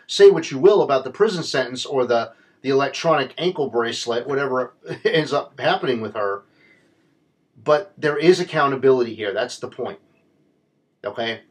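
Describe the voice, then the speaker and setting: A man from the United States delivering blunt, impassioned political opinion commentary, hammering points with repetition. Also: mid-range voice.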